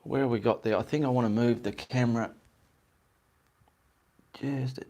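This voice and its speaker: An Australian man from Perth, Western Australia, hosts a casual live stream as an artist, rambling and greeting viewers by name. His mid-range voice is warm with fairly even intonation at normal speed, with a little hiss or hum in the audio.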